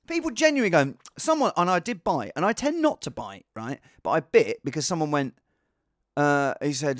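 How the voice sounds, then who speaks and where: Male comic host: animated, erratic, swinging pitch. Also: moderate pace, no room sound, clean studio sound. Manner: animated, swings from shouting to mumbling. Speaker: podcast host and impressionist. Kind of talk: casual comedic monologue.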